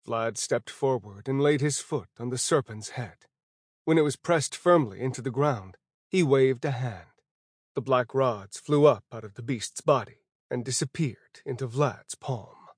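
A man narrating a first-person fantasy audiobook in a steady, even storytelling voice. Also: mid-range voice, unhurried, breathy edge, no echo, clean studio sound.

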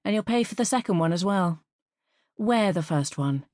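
A woman narrating a first-person fantasy story as an audiobook reader, in a measured, even storytelling manner. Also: fairly low pitch, no echo, studio quality.

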